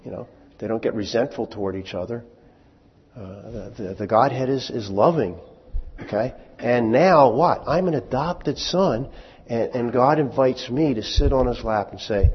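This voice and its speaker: Halting preacher in his sixties. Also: medium pitch, breathy edge. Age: 60s. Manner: halting, repeats words, folksy asides. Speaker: pastor. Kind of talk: sermon. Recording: dull sound with long hall reverb.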